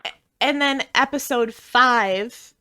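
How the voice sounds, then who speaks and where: Bubbly high-voiced woman with a clear, dry sound. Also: slow pace. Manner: animated, swearing, laughing storyteller. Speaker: podcast co-host. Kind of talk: casual chat.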